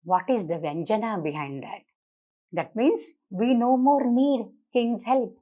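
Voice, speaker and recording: A woman's voice: a little high, measured pace, dark tone. Indian woman professor explaining Sanskrit verse. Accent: Indian English. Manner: explanatory, asks rhetorical questions, switches into Hindi and Marathi. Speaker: professor lecturing on Sanskrit drama. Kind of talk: academic lecture.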